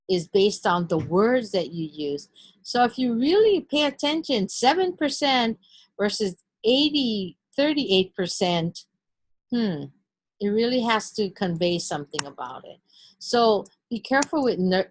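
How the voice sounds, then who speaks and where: A woman's voice: mid-range voice, lively intonation, no echo. Woman instructor giving a recorded lesson. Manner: clear, deliberate teaching delivery.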